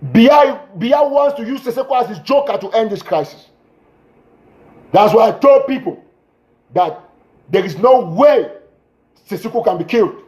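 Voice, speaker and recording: A man urgently addressing his audience in an impassioned livestream appeal, repeating himself and breaking into shouts, speaking into a phone. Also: very high-pitched, lively intonation, normal speed, long pauses. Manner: urgent, repetitive exhortations, bursts of shouting. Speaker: political commentator.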